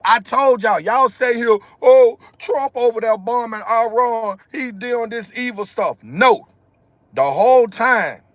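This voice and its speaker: This man's voice sits high with a fairly bright tone, and there's no room sound. He's in his car outdoors in the sun, streaming live on his phone camera and hammering home a repetitive, emphatic rant directly to his audience.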